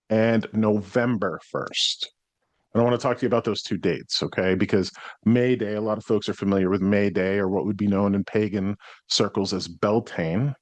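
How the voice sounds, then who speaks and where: An American man hosting a solo podcast as a psychic medium, talking in a reflective, explanatory way and clearing his throat now and then. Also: mid-range voice, no room sound. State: worn out after burnout.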